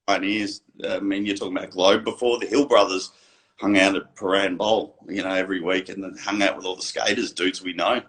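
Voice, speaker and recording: A man, a guest on a live video chat, talking in a relaxed, reminiscing way. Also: low voice, a little fast. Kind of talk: casual live-stream chat.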